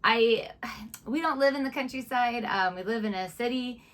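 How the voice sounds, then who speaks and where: A woman's voice: fairly high pitch, moderate pace, a bit bright. A woman co-hosting a reaction video, chatting in a casual, playful way. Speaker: reaction channel co-host. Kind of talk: casual chat.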